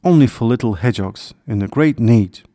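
A man voicing a big, cheerful and gentle male deer in a storybook, speaking in a friendly, reassuring way. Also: medium pitch, lively intonation, fairly quick, no room sound, clean studio sound, natural voice. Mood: kind. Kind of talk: storybook character voice.

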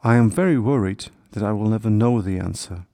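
A man's voice: on the low side, brisk, mellow, close to an everyday voice. A man voicing a young, polite little hedgehog who speaks earnestly and hopefully in a children's story. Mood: worried. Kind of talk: storybook character voice.

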